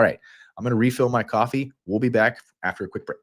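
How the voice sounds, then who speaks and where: A man with a Southern American accent, hosting a fantasy football livestream in a playful, rambling way with quick energetic bursts. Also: mid-range voice. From Kentucky. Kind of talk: casual livestream talk.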